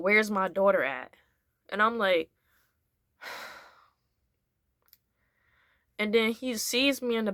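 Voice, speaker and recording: Recorded with studio quality and no echo, a young woman vlogger with a medium-pitched voice rambles through a casual story. She uses many fillers and brings it to life by acting out what people said.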